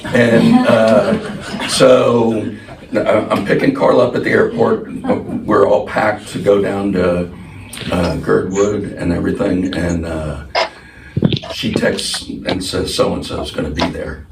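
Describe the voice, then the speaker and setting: A man with a low voice tells a story to a group, rambling, laughing, filling gaps with ums and uhs. He sounds a little distant, in a roomy space. Noise hums clearly behind him. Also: slow pace. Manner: rambling and animated, with laughs and many fillers. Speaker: speaker sharing a personal story. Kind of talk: casual talk to a group.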